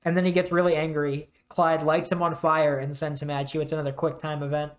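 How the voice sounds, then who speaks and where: A man's voice: fairly high pitch, level tone, fairly quick. A man co-hosting a podcast, casually rambling through a game's story and acting out bits of it. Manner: rambling retelling with acted-out quotes. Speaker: podcast co-host. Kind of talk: casual game discussion.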